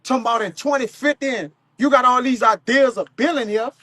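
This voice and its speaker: A man's voice: very high voice, a little fast, bright, forceful tone, no echo, studio quality. A man preaching at a live teaching session, speaking loosely with slang and profanity and chuckling between points. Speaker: street preacher.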